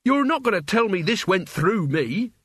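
Flustered young hero-in-training, voiced high and husky by a male narrator, dry close read. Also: sing-song, moderate pace, a bit bright, dry recording, exaggerated voice. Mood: indignant. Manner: indignant, high-strung.

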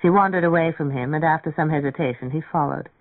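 Man, audiobook narrator, measured, narrow phone-like sound, dry. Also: on the high side, no room sound. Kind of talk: audiobook reading.

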